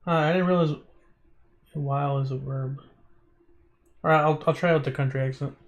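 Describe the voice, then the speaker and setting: A man's voice: fairly high pitch, fairly even intonation, normal speed, lo-fi sound. A man streaming a visual novel, reading the text aloud in a casual way, stumbling over words and breaking off into chatty asides.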